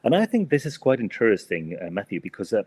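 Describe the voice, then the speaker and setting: A man talks through a podcast English lesson, pausing on fillers and tacking little checks onto his sentences. His voice is husky and sits fairly low. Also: huge pitch swings, darkish tone. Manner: hesitant, many fillers and tag "no?". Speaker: co-host and English teacher.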